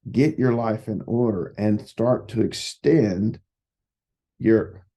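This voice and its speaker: A man's voice: lowish voice, slow, dark tone. A man who works as a psychotherapist, giving folksy, casual advice and telling stories. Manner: folksy, repetitive, storytelling.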